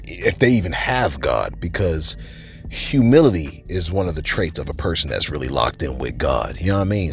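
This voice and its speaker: Male commentary host: low voice, lively pitch, slangy, chatty, faint music under him. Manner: animated, repeats "man" and "you know what I'm saying"; slangy, playful asides. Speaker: channel host reading viewer comments. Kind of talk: casual commentary.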